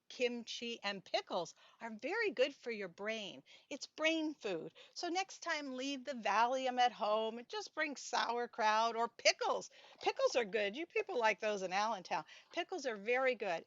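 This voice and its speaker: A woman's voice: on the high side, a bit bright, no echo, dull audio. An older woman from Pennsylvania doing a stand-up comedy routine, telling chatty stories with playful punchlines.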